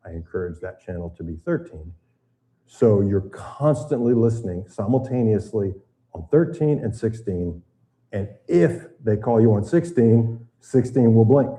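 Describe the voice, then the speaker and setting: An older American man presents a boating safety seminar to an audience, explaining things conversationally with frequent fillers. His voice is lowish and warm, with lively intonation and a measured pace.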